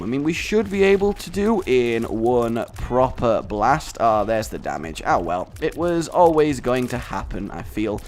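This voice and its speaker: A man's voice: medium pitch, sing-song, a little slow, a little hiss or hum. A young man giving casual, jokey, self-deprecating commentary while playing a video game. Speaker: gameplay commentator. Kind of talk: casual let's-play commentary.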